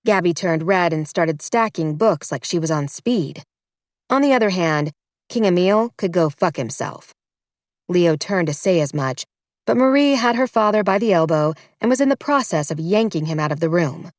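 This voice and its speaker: A woman narrating a romance audiobook in a measured, wry storytelling manner. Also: on the low side, expressive, no room sound.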